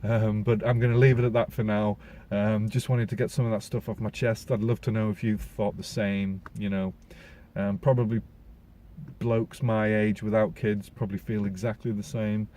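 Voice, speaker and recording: A man reviewing a film in a loose, chatty way, stumbling over words and filling pauses with "um". His voice sits a little low and sounds warm and mellow. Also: little pitch movement, slight background noise. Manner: rambling, restarts words, many fillers. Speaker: film reviewer, podcast host. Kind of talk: casual spoken film review.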